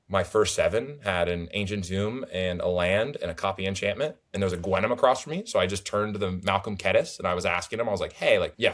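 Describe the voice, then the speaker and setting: A young man recapping his card tournament games in casual, animated, rambling storytelling full of restarts. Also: low-pitched. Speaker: tournament player guest.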